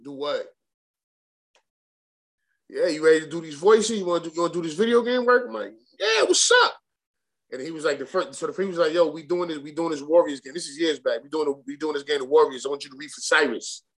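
A man's voice: on the high side, quick pace. Profane, rambling New man. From Brooklyn, New York. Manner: profane, rambling, with many restarts and slang. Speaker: guest rapper. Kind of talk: casual storytelling interview.

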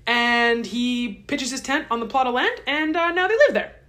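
A woman's voice: high-pitched, animated, moderate pace, bright, forceful tone. A woman host casually retelling a story in a chatty, irreverent, joking way. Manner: irreverent, chatty, swears lightly. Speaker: podcast host.

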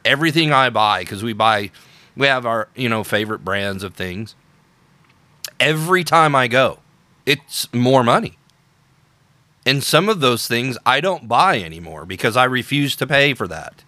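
Guy ranting on his podcast, sarcastic, bright forceful voice, dry close mic. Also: mid-range voice, animated, moderate pace, no room sound. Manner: opinionated, sarcastic, emphatic repetitions. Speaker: podcast host. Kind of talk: unscripted political commentary.

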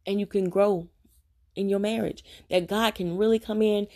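Speaking straight to her audience, this woman gives an earnest, somewhat preachy devotional confession about her faith as a Christian vlogger. Her mid-range voice is a little mellow, with fairly even intonation at a moderate pace.

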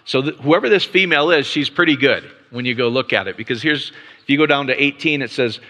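A man with a bright, forceful voice gives a loose, conversational Bible lesson to a group in front of him. He keeps tossing in a quick "right?" and trips into restarts as he works through his points. His voice carries a long reverb, as if the mic picks him up in a large hall. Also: mid-range voice, animated. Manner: casual, peppers points with rhetorical "right?"; frequent restarts and stammered repeats. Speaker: Bible teacher. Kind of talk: conversational Bible teaching with slides.

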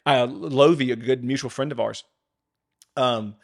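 A man's voice: mid-range voice, steady tone, unhurried, gravelly. A man co-hosting a faith podcast, talking with fervent, rising emphasis. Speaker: podcast co-host.

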